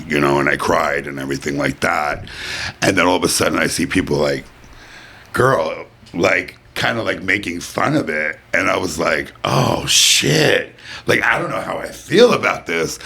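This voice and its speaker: A middle-aged man with a very deep, sharp, slightly rough voice full of vocal fry hosts a casual podcast from a white-furnished room at home. His chat rambles, peppered with "basically" and "you know".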